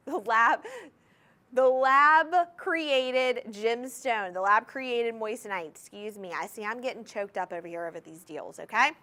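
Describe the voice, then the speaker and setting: A woman hosting a shopping channel, giving an enthusiastic live sales pitch for jewelry and talking straight to viewers in a TV studio. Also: fairly bright tone. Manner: enthusiastic, chatty, addresses viewers directly. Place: TV studio with controlled lighting.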